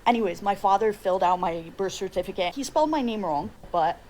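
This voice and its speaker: A woman's voice: medium pitch, fast talker, over a noisy crowd, rough recording. A woman telling a comedic story about her own birth, acting out the voices of her parents. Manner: expressive, acts out quoted yelling. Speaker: storyteller in clip.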